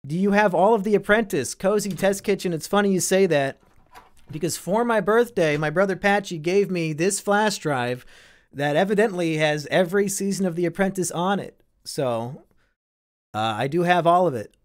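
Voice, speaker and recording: A man's voice: high-pitched, moderate pace. A young man from Iowa hosting a casual live stream, reading and answering chat with sardonic, profane banter.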